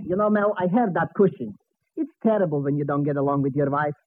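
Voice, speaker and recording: A man's voice: on the high side, quick pace, close to an everyday voice. A man doing a flute player. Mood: comic. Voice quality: broken English, joke-telling. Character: Mister Potchnick, excitable immigrant flute player, middle-aged man. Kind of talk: 1940s radio sitcom acting. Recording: tinny old radio broadcast with hiss.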